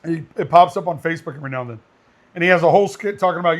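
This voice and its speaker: Brief: high-pitched male podcast co-host, blunt and animated, firearms instructor. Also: very fast. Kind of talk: casual podcast chat.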